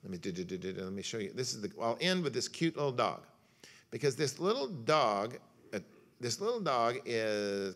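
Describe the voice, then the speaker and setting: Addressing a church luncheon crowd in a church hall, a pastor spins folksy, joke-filled stories and acts out bits of dialogue. His bright, forceful voice sits at an ordinary male pitch, and he is very animated while keeping a normal speed.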